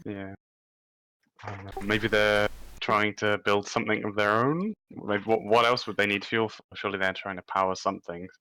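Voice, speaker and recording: A man with a low, bright voice plays a tabletop game. He talks casually, stumbling and restarting as he describes his moves. The sound is dry and close. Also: flat delivery, normal speed, clean tone, dry recording, poor audio. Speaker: player. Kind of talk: tabletop role-play chat.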